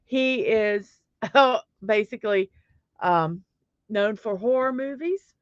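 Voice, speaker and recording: A woman's voice: mid-range voice, slow pace, clear, resonant tone, no room sound. Chatty woman hosting a muffled stream. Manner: chatty, greets viewers by name, self-deprecating about stumbling over pronunciations. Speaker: livestream host. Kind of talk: casual morning livestream chat. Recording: dry, slightly muffled lo-fi audio.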